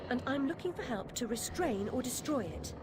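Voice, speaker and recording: A woman's voice: high voice, very animated, moderate pace. An actress playing a determined young woman on a quest in a game, speaking earnestly and directly. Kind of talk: game dialogue. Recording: loud noise behind the game voice.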